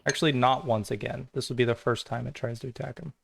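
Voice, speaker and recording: A man acts as game master for a tabletop game, narrating what the enemies do and asking for rolls in a plain, matter-of-fact way. His voice sits at a middle pitch. The recording is dry, with no room sound. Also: steady tone, fast talker, vocal fry, slightly rough, no room sound.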